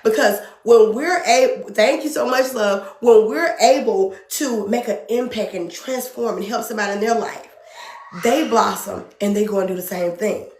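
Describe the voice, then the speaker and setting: A woman's voice: medium pitch, normal speed, a little mellow, echoey room. A woman speaking as a podcast guest in an earnest, emotional way, often repeating phrases for emphasis. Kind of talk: passionate spiritual conversation.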